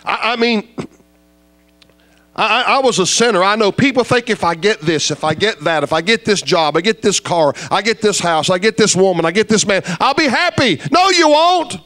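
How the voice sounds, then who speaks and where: Fiery high-voiced preacher. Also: male voice, moderate pace. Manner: swings between low intense talk and loud high shouting. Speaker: evangelist preacher. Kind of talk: fiery sermon.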